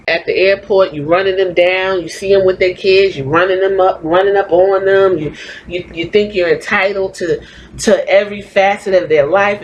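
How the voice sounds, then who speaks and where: A woman's voice: mid-range voice, slight background noise, rough recording. Blunt, profane woman ranting. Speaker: podcast host. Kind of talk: opinionated podcast rant.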